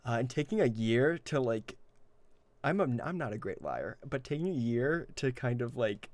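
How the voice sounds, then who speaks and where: A man's voice: medium pitch, big pitch swings, moderate pace, a little mellow, no room sound. Rambling man talking shop, dry sound. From Ireland. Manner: rambling, self-deprecating, many fillers and restarts. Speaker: guest game master. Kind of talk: casual interview chat.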